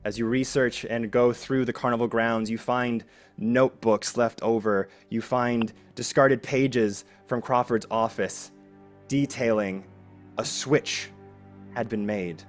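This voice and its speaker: A man hosting as game master, with measured narration of the game and lively thanks to his players. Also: mid-range voice, soft background music. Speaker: game master and show host. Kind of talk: narrating a tabletop game, then thanking guests.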